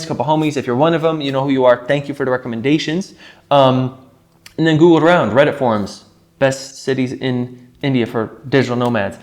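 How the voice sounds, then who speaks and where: A man talking casually to camera in a vlog, rambling and leaning heavily on filler words. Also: mid-range voice. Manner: rambling, heavy use of filler "like". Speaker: vlogger. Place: rented house.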